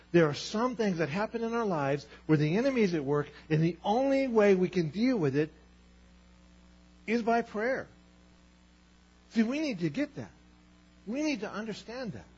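A man's voice: high-pitched, a little mellow, husky, dull audio. A man preaching a sermon as pastor, emphatic, acting out Bible voices as he tells the stories.

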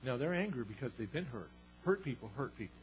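A man's voice: medium pitch, sing-song, fast talker, lo-fi sound, soft background music. A man preaching a sermon as pastor, conversational, asking the congregation rhetorical questions.

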